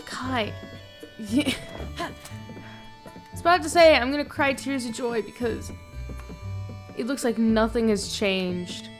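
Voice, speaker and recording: A young woman streaming a video game, swinging between loud excitement and low muttering as she talks. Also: slow pace, pauses often, music in the background. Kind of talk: casual gameplay commentary.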